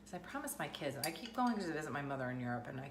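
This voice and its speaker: A woman's voice: low voice, sing-song, racing, very noisy. A woman, chatting casually to camera and rambling through everyday stories. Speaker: vlogger. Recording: echoey room with music playing.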